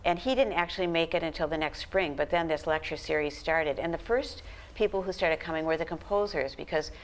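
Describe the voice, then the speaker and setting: A woman author talking about history at a panel, relaxed and full of fillers. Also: deep voice, fairly quick, rough recording. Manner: relaxed storyteller, many fillers. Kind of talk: conversational panel talk. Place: art gallery talk.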